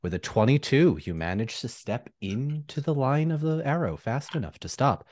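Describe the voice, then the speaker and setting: A man running a tabletop game as game master with measured, descriptive narration. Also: medium pitch, big pitch swings, darkish tone, dry recording.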